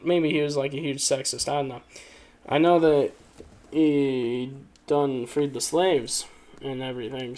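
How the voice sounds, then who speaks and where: Brief: a man with a slightly high voice, loose joking commentary, full of fillers. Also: darkish tone. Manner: rambling, joking, lots of fillers and laughs. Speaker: video creator. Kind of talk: casual commentary reading online posts.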